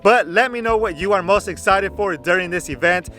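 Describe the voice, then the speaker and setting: Chatty male channel host, fairly high voice, faint background music. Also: brisk, bright, forceful tone. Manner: chatty, repeats "go ahead", frequent "uh" fillers. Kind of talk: casual game guide commentary.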